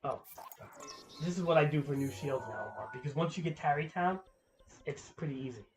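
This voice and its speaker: A man's voice: a little high, animated, fairly quick, music in the background. A man giving casual gameplay commentary to a viewer, rambling and swearing, often restarting his words. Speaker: gaming channel host.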